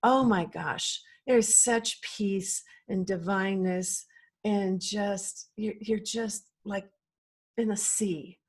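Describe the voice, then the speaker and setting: A woman's voice: mid-range voice, steady tone, takes it slowly, breathy edge. A woman guest on a podcast, a life coach talking casually and with animation, acting out quoted voices and laughing easily. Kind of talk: casual conversational interview.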